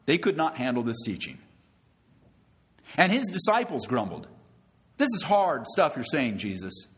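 A man's voice: medium pitch, very animated, unhurried, a bit bright. A man preaching a sermon to his congregation, emphatic, calling them friends and asking rhetorical questions, with rising bursts on key words. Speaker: pastor.

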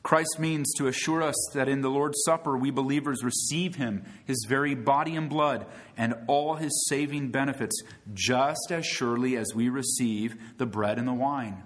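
A man's voice: medium pitch, normal speed. A man preaching a sermon to his congregation, emphatic, calling them friends and asking rhetorical questions, with rising bursts on key words. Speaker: pastor.

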